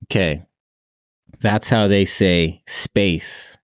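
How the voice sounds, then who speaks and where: A man's voice: sits low, fairly even intonation, drawn-out words, no room sound, studio quality. A man hosting a podcast, chatting in a laid-back way and laughing often. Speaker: podcast host. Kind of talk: casual chat.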